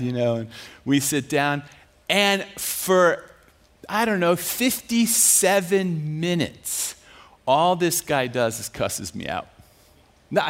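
Man preacher, fairly high voice, lively self-mocking storyteller who laughs a lot. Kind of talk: storytelling sermon.

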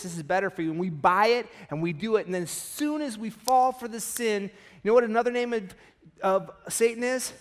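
Casting: male pastor, lively sermon delivery, voice a little on the high side, acts out story voices.

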